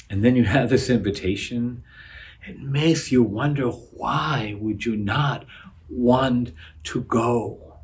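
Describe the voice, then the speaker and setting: A male pastor preaching a sermon, building to loud emphatic appeals, then dropping low on key phrases, with frequent repeated words.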